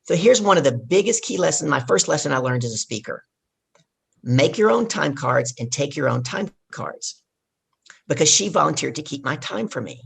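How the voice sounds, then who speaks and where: A middle-aged woman, a guest on an interview podcast, telling stories in a lively way and acting out the dialogue. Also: low voice, normal speed, gravelly, slightly rough. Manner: animated storyteller who acts out quoted dialogue. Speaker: guest speaker. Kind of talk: casual storytelling interview.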